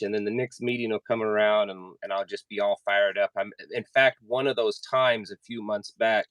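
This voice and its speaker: A man's voice: fairly low pitch, fairly even intonation, a bit bright, no echo. Earnest man telling a story, dry sound. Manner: earnest, halting storyteller with many restarts. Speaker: podcast host. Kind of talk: casual conversational interview.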